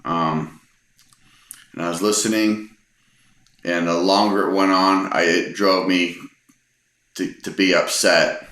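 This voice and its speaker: A man's voice: low-pitched, fairly even intonation, slow pace, long pauses, fairly bright tone. A middle-aged man from Texas telling personal anecdotes in a casual, rambling way with frequent ums and restarts. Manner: rambling, hesitant, many ums. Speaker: storyteller. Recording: echoey room.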